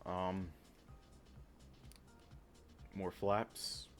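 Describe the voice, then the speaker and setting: A man casually talking through a flight simulator game, thinking aloud with many pauses and filler words, and breaking into sudden excited outbursts. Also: sits low, soft background music. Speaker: flight sim gamer. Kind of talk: casual gameplay commentary.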